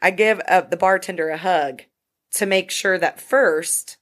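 A woman's voice: on the low side, measured pace, a bit bright. A woman telling a story in a casual podcast chat, blunt and profane. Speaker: podcast co-host.

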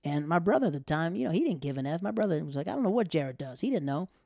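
A man's voice: on the high side, fast, gravelly, dry recording, clean studio sound. A man telling a story in casual, rambling talk, acting out what people said. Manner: rambling, animated, acts out quotes.

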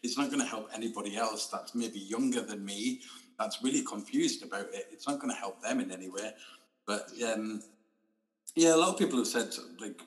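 A man with a fairly low voice speaks as a guest in a relaxed interview, reflective and measured as he thinks out loud. He is heard over a video call in a roomy, echoing space. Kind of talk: casual chat interview.

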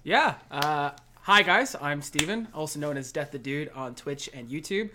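A man's voice: on the high side, lively intonation, normal speed, background noise. A young man in his twenties, chatting animatedly as a podcast guest. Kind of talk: casual chat.

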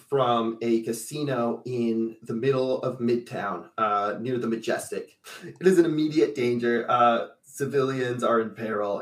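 A man's voice: medium pitch, echoey room, distant mic. A man running a tabletop superhero game as game master, chatty and upbeat with many fillers.

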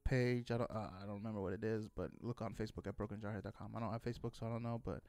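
A man's voice: on the low side, fairly even intonation, racing, darkish tone, no room sound. Rambling, swearing man telling stories. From Texas. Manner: rambling, swears freely, many fillers and restarts. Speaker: podcast host. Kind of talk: casual storytelling chat.

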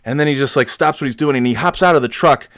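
A man's voice: mid-range voice, fast talker, fairly bright tone, no room sound, clean studio sound. A man telling a comedic story in a rambling, profane, self-deprecating way.

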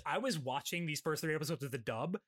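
A man's voice: fairly high pitch, animated, fast, a bit bright. A man hosting a casual podcast chat, recapping an episode with frequent laughter and hamming up quoted lines. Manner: laughs often, reads quotes in a put-on voice.

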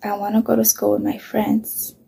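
A woman's voice: mid-range voice, completely flat delivery, moderate pace, vocal fry, noisy background. A middle-aged woman, a mother, candidly telling a painful personal story, swearing often and sometimes dropping to a whisper.

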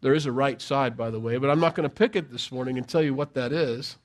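A man's voice: mid-range voice, quick pace. A middle-aged man preaching a sermon, conversational and emphatic, with rhetorical questions. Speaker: pastor.

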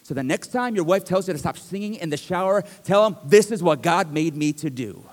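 High-voiced male pastor in a reverberant hall. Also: animated, a little fast. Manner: conversational preaching with jokes, rising to emphatic bursts. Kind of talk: sermon. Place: church sanctuary.

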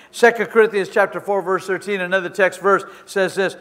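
A man pastor delivering a sermon in a church, preaching with passion that swells into shouts, with halting restarts while he tells a story. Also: sits high, fairly even intonation. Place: church sanctuary with a responding congregation. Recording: long reverb of a church hall.

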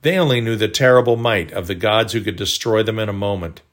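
A man narrating a scripted devotional audiobook in a measured, earnest way. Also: lowish voice.

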